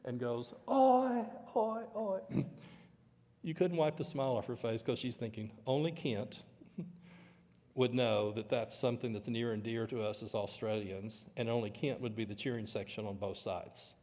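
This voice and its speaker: A man's voice: fairly low pitch, steady tone, normal speed, a little mellow, big-room sound. A man teaching a Bible lesson in church, with a conversational, storytelling manner. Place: church auditorium.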